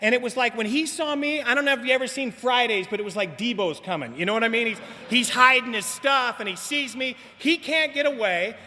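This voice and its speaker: A man speaking at a recovery meeting, telling personal stories in an animated, slangy way. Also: very high-pitched, fairly quick, hardly any pauses, slight background noise. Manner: animated storytelling with slangy asides. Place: meeting hall. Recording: long hall reverb.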